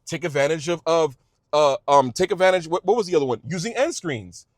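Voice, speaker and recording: Male creator, passionate advice-giver; lively swooping pitch, stumbles and restarts, folksy. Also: brisk, dry recording, studio quality. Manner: emphatic, repetitive, stumbling restarts; informal speech, says y'all. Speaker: YouTube creator giving advice. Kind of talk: passionate direct-to-camera advice.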